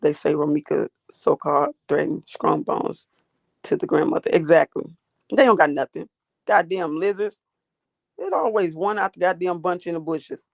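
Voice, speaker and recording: A woman's voice: lowish voice, normal speed, creaky, no echo, studio quality. A woman hosting a livestream, ranting and talking back to her chat in a profane, confrontational way. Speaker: livestream host.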